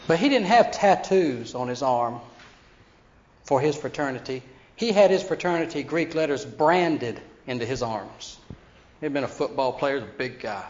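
Animated preacher man, muffled lo-fi sound. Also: medium pitch, moderate pace. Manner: animated, acts out quoted voices. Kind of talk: storytelling sermon. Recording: dull lo-fi sound with faint hiss.

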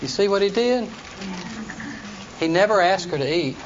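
A man's voice: high-pitched, lively intonation, normal speed. A man teaching a Bible study class, explaining plainly and reading scripture aloud to his students. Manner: explains plainly, reads scripture aloud in King James wording. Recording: dull lo-fi recording with faint noise.

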